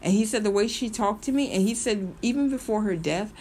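A woman chatting to her viewers in a loose storytelling style, with pitch in the middle for a woman. She rambles with ums and repeats herself, then gets animated and emphatic. A faint background noise sits under her voice. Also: a little fast. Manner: animated and emphatic, slips into mimicry. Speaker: video host. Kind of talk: casual storytelling commentary.

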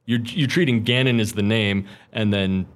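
A man's voice: lowish voice, moderate pace. A man co-hosting a casual podcast who explains things hesitantly, with many filler words.

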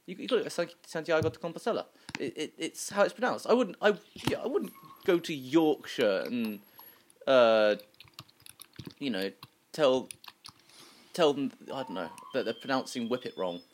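A man's voice: mid-range voice, very animated, a little slow, long pauses, slight background noise. A man co-hosting a casual chat show, rambling, punning and often stumbling over his words. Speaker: co-host.

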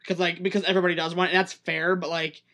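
A young man with a fairly high voice chatting casually on a podcast. He is animated and playful, slipping into silly put-on voices. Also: very fast. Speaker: podcast co-host, drag performer. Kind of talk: casual chat.

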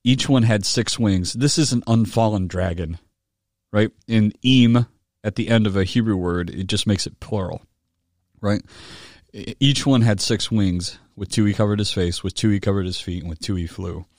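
A man's voice: moderate pace, no echo, studio quality. A man, a pastor, preaching a conversational sermon-style Bible study, often checking in with his listeners and reading passages aloud with rising emphasis. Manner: conversational, with tag questions and gentle humor; rises in pitch and volume when reading a quoted book aloud.

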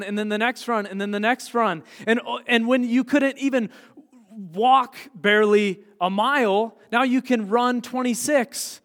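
A man preaching a sermon as pastor, earnest, dropping quiet then rising to emphatic points. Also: very high-pitched, in a large hall.

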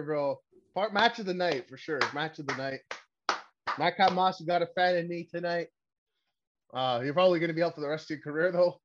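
A man from Canada hosting a casual wrestling podcast, talking in a rambling, profane way that keeps getting excitable. His voice sits a little high for a man. The recording sounds dull and lo-fi. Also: a little fast. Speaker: podcast host.

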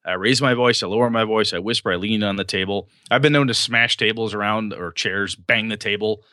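A man hosting a casual talk about running tabletop games, animated and laughing, acting out scenes and swearing freely. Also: lowish voice, fairly quick, dry recording, studio quality. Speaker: podcast host and game master.

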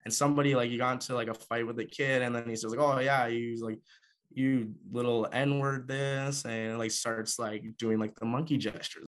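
A man's voice: medium pitch, little pitch movement, fast, few pauses, fairly bright tone. A young man from Canada, a former hockey player, telling a personal story in a casual, conversational way, with frequent filler words. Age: young adult.

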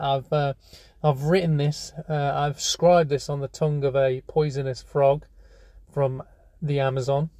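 Brief: male comedy host, fairly high voice, deadpan rambling. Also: dry recording, studio quality. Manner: rambling, deadpan, full of restarts. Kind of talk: rambling comic monologue.

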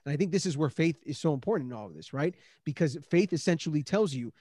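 A man's voice: a little high, animated, fast talker, hardly any pauses, a little mellow, no room sound, studio quality. A man hosting a Christian discussion, speaking earnestly with many restarts and rising emphasis on key points. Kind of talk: casual faith discussion.

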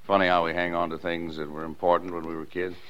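A fond, gently teasing father. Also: low-pitched, level tone, quick pace, clean tone. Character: patient, fond small-town dad. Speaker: father in radio play. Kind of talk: 1940s radio acting. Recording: dull, hissy 1940s radio broadcast.

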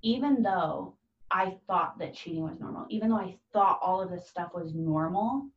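A woman's voice: lowish voice, moderate pace. Earnest mother in an echoey room. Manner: earnest, heartfelt, acts out quoted voices. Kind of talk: casual conversation. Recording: dull, distant, echoey room.

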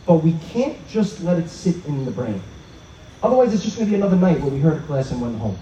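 A man giving an inspirational talk at an outdoor evening gathering, telling stories in an animated way and acting out the dialogue. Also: on the high side, quick pace, a little hiss or hum. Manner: animated storyteller who acts out quoted dialogue. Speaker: speaker at a religious event. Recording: roomy, dull sound from a distance.

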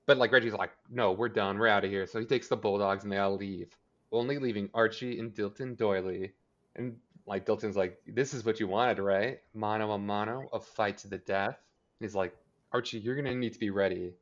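A podcast co-host recaps a TV episode in casual conversation, acting out the characters' lines. His voice is lowish and steady and he talks briskly, rambling with plenty of filler. The recording sounds muffled.

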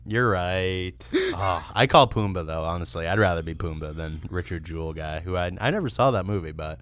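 A young man co-hosts a podcast reviewing beer, his voice low, fairly bright and animated, moving at a fairly quick clip in a dry recording. The chat is casual and comedic, full of sarcastic, rambling jokes and frequent laughter.

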